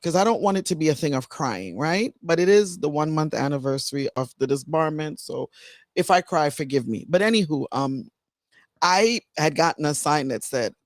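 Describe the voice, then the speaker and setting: A woman's voice: low-pitched, expressive, moderate pace, no room sound, studio quality. A woman author telling her life story candidly on a radio show, digressing and fighting back tears. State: close to tears. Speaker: author and guest. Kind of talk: emotional personal storytelling.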